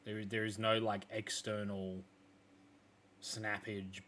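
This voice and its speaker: Low-voiced man running a tabletop game. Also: level tone, slow, fairly bright tone, a little hiss or hum. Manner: loose, filler-heavy description. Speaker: game master.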